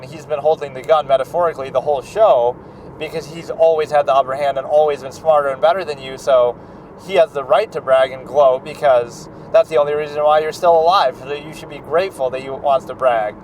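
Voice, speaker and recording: A man's voice: on the high side, steady tone, brisk, darkish tone, a little hiss or hum, poor audio. A man giving casual, opinionated reaction commentary on a TV series, rambling with lots of fillers. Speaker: show commentator.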